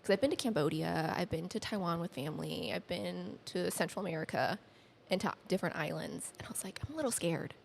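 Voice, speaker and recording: A woman guest on a podcast telling personal stories in a chatty, animated way, acting out quoted dialogue with many fillers. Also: fairly quick, creaky, a little hiss or hum. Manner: animated, acts out quoted dialogue with lifted pitch. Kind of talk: casual conversational storytelling.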